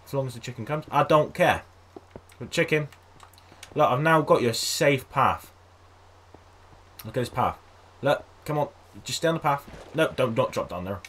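A man giving casual let's-play commentary on a game, chatting to his viewers and coaxing animals along in a high sing-song voice. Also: animated, normal speed, long pauses, fairly bright tone, slight background noise. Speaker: gaming video host.

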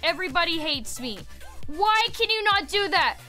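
Woman, streamer, live gaming commentary, excitable, cussing, bright sharp voice, faint music behind. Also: very high-pitched, normal speed. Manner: excitable, talks to chat, swears, shouts in frustration.

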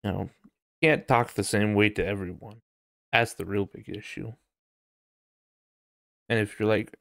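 A man's voice: lowish voice, steady tone, a little slow, creaky, pauses often, a bit bright, dry recording, studio quality. A man hosting a casual solo podcast, rambling, swearing freely and laughing often. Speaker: podcast host.

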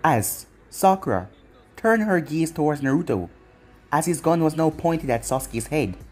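Brief: storyteller with a husky voice and animated pitch, reading fan fiction. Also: moderate pace, faint music behind. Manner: plain storytelling with lively pitch. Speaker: narrator.

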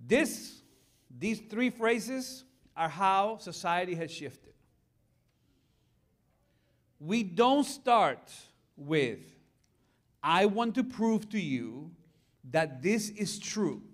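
A middle-aged male pastor giving a lively conference talk, chatting with the audience and asking them questions. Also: sits high, extremely slow, pauses often. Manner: animated, conversational, asks the audience questions.

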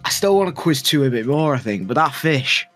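A man's voice: mid-range voice, big pitch swings, fairly quick, a bit bright, soft background music. A man co-hosting a quiz show, grilling contestants with mocking sarcasm. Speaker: co-host. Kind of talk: casual game-show banter.

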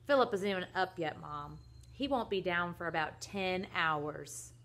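A woman voicing a bossy, dramatic eleven-year-old girl from a storybook who speaks in a loud, haughty, whiny tone. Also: lowish voice, expressive, normal speed, lightly acted. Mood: haughty whining.

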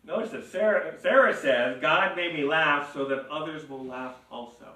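A man preaching a sermon as pastor, animated and laughing, acting out mocking voices as he reads. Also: fairly high pitch, moderate pace, few pauses. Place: church sanctuary. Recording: echoey church hall, mic at a distance.

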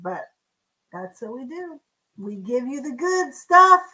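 A woman's voice: high voice, big pitch swings, takes it slowly, sharp tone, poor audio. A woman hosting a live online auction in a chatty, casual way, describing items and counting down bids. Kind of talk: casual live-stream selling.

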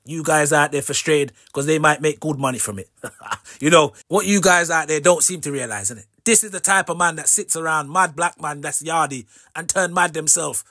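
Man, bright, slangy vlog commentary. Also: fairly high pitch, moderate pace, dry recording, clean studio sound. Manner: casual street slang, tags lines with "innit". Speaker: vlog host. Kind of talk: direct-to-camera commentary.

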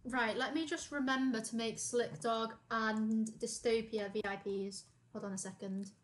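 A woman's voice: fairly high pitch, steady tone, unhurried. A young woman streaming a game, chatting casually and reading chat aloud.

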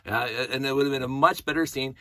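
A man's voice: mid-range voice, steady tone, racing, bright, forceful tone, no room sound, clean studio sound. A middle-aged man talking in a casual, rambling monologue, going off on tangents and humming to himself. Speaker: hobbyist vlogger.

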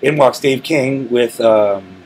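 A man talks easily about his music, voice at a middle pitch, restarting his sentences as he goes. There is a faint hiss of room noise behind him. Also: slow, poor audio. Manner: relaxed, rambling storytelling with frequent restarts. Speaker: musician, interview guest. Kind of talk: casual interview talk. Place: recording studio.

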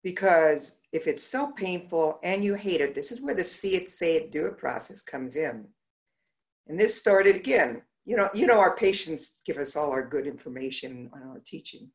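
A woman's voice: low-pitched, normal speed. A middle-aged woman optometrist giving a conference talk, telling patient stories and acting out the dialogue. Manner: animated, acts out patients' dialogue.

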